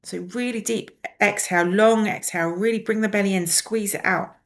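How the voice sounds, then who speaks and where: A woman teaching a wellness lesson, calmly and gently guiding the listener through breathing exercises. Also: medium pitch. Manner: calm, gently instructive, slows down to guide exercises.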